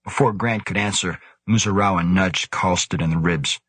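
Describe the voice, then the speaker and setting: A man narrating an audiobook in a steady, even way. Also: low-pitched, moderate pace, husky, dry recording.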